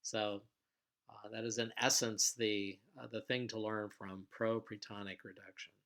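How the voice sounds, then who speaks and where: A man teaching a recorded vocabulary lesson in a patient, explanatory way, with frequent pauses and fillers. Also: on the low side, little pitch movement, fairly bright tone.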